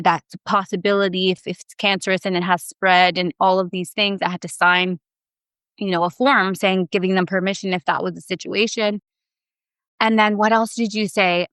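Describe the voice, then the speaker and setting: A woman in her thirties, a podcast guest, telling a personal story in casual chat, animated and emotional, with lots of fillers. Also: medium pitch, smooth, dry recording.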